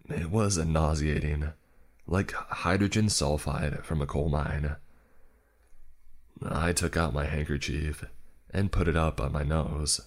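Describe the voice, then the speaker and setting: A man with an extremely deep voice narrates a first-person horror tale. He takes his time, leaning into dry, sarcastic asides. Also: steady tone, takes it slowly. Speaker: storyteller.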